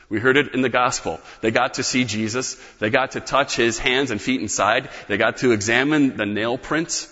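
A man's voice: medium pitch, fairly bright tone, long reverb tail, lo-fi sound. A man preaching a sermon in an earnest, emphatic way, leaning hard on key words. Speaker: pastor.

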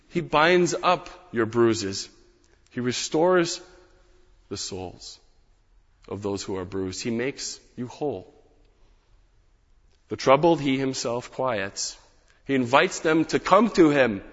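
A male pastor delivers a sermon with emphatic rises on key phrases and quiet drops between them. His voice rings with a long reverb through a church hall. The sound is slightly dull and muffled. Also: medium pitch.

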